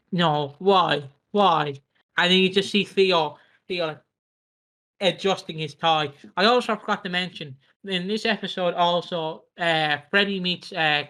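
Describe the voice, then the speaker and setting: Man, podcast co-host, animated recap, swears a lot, bright ringing voice. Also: on the high side, rough recording. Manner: animated, sweary, recapping with lots of acted quotes. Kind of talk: casual chat.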